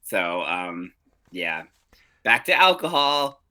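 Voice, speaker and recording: Playful man with a bright, swooping voice. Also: deep voice, big pitch swings, takes it slowly, slight background noise. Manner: playful, giggly, chatty. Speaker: podcast co-host. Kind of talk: casual comedic recap chat.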